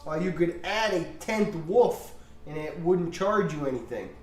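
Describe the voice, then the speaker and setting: A man's voice: fairly high pitch, lively intonation, unhurried. A man playing a helpful telegraph clerk. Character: polite male telegraph clerk. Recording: roomy, faint music behind.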